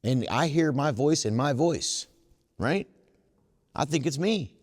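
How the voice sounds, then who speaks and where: A man speaking at a twelve step workshop, earnest and preacher-like, slowing down to stress his points. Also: fairly high pitch, animated, long reverb tail. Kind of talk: recovery workshop talk.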